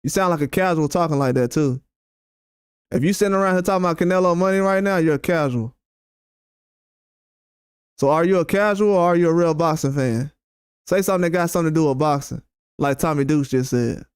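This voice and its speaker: A man's voice: a little high, fairly quick, long pauses, clear, resonant tone, dry recording, studio quality. A man hosting a boxing channel, ranting bluntly and heatedly at his chat with repeated, profane jabs. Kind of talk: live-stream rant responding to chat.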